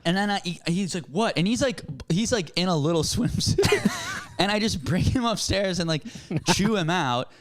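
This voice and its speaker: A young man with a high, bright-pitched voice tells a workplace story in loose, profane podcast chatter. He acts out each person in it with quick voices. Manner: animated, profane, acts out quoted people. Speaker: podcast co-host. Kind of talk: casual comedic storytelling.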